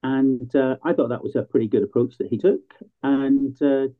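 Northern irish guy, club co-owner, relaxed storyteller, sounds like a tinny phone line. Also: medium pitch, moderate pace. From Northern Ireland. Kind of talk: casual interview chat.

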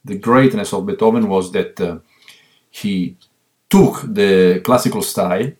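Man with an Italian accent, lowish voice, halting, earnest, remote call. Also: a little mellow. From Italy. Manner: halting, many fillers and restarts, earnest. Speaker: guest musician. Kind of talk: interview answers.

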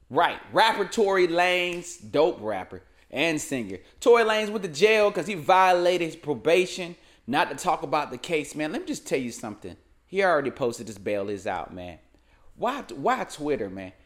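A young man hosting a comedic commentary show, ranting loosely in slangy casual speech. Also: sits high. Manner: animated, slangy, keeps saying "man".

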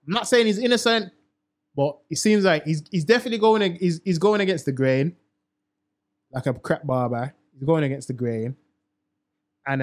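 A young man talks slang in a casual chat show and keeps repeating his points for weight. His voice sits a little high for a man. He sounds animated and runs on in a loose, conversational way. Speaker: podcast co-host.

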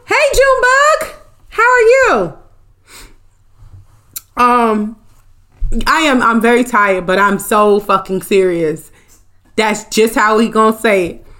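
A woman's voice: fairly high pitch, fairly bright tone. A young woman hosting a podcast, chatting casually with live viewers, joking and swearing and laughing often. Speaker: podcast host.

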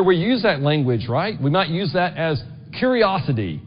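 Middle-aged pastor preaching, kinda high voice, chatty w/ lots of "right?", muffled echoey church sound. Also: male voice, very animated, moderate pace, a little hiss or hum. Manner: conversational, frequent "right?" asides to the congregation. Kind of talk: sermon. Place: church sanctuary. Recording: dull long-reverb church recording.

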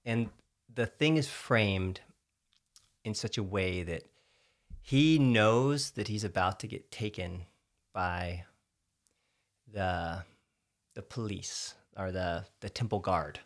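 A man's voice: deep voice, slow. A man with a Texan accent, co-hosting a casual chat about faith and explaining scripture in an earnest, storytelling way. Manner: earnest, storytelling, filler-heavy.

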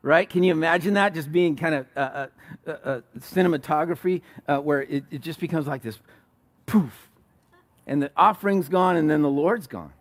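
A man preaching a sermon, retelling a story with animated, acted-out quotes and frequent restarts. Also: on the high side, moderate pace. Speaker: pastor.

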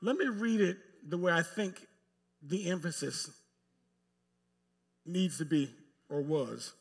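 A male pastor preaching a sermon to a live congregation in a church, speaking emphatically with long pauses and addressing the pews directly. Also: on the high side, gravelly, husky.

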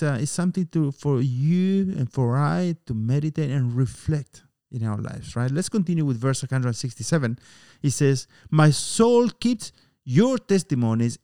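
A man preaching a sermon in an earnest, emphatic way, pausing often and sometimes using fillers. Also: mid-range voice, mellow, clear, resonant tone, dry recording, studio quality.

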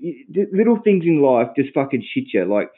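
A man's voice: medium pitch, sing-song, fairly quick. An Australian man ranting crudely and swearing bluntly in casual chat, rambling as he talks. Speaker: podcast co-host. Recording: tinny phone-like audio.

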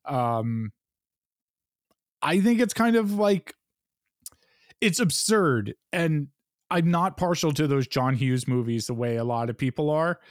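A man's voice: on the high side, lively intonation, slow, long pauses, no room sound, clean studio sound. A man co-hosting a podcast, chatting casually about movies in a laid-back, hedging way, with lots of "like" and some swearing. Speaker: podcast co-host. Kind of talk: casual profane movie chat.

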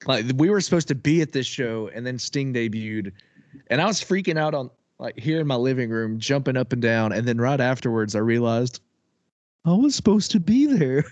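A man's voice: medium pitch, fairly quick, no echo. Guy on a podcast getting hyped, laughs a lot, cusses, dry close sound. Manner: excitable, laughs often, swears casually. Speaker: podcast co-host. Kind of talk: casual chat.

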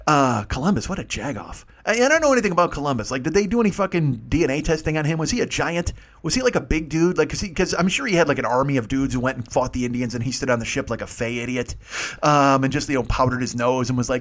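A man tearing through a rambling comic rant, cursing constantly as he hosts his podcast. He talks at a rapid clip in a voice a bit higher than most men's. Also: animated, fairly bright tone. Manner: ranting, rambling, heavy swearing. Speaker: podcast host. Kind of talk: profane comedic monologue.

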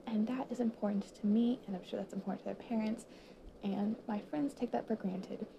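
A late-teen high school girl addresses her viewers through tears, choked up, her emotional monologue halting and full of pauses as it keeps sinking into whispers. Her voice is creaky with a steady tone, and background noise is present.

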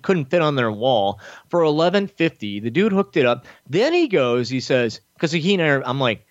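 A man's voice: a little fast, no echo, muffled recording. A man in casual chat, telling a long story with lots of swearing and acting out other people's lines. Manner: profane, animated storytelling, acting out others' lines with big pitch jumps. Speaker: podcast host telling a story.

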